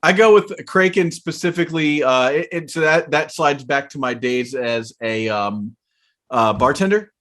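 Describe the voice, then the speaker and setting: A man co-hosting a casual podcast, reading card text aloud and chatting in a relaxed way with plenty of fillers. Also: medium pitch, normal speed. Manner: laid-back, reads card text aloud, frequent fillers. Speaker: podcast co-host. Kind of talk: casual chat about card game spoilers.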